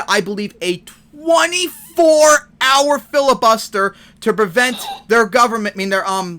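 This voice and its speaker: A man hosting a casual podcast discussion, talking in an animated, emphatic way and swearing freely. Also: sits high. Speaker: host.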